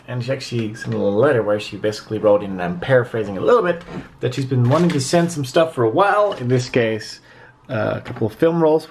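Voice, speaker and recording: A medium-pitched male vlogger whose first language is Dutch chats to camera in a casual, rambling way with many fillers. The handheld camera mic picks up light background noise.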